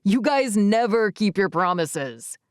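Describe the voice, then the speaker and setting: A woman voicing a blunt young man, brisk and exasperated, in an audiobook. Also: medium pitch, very animated, dry recording, studio quality.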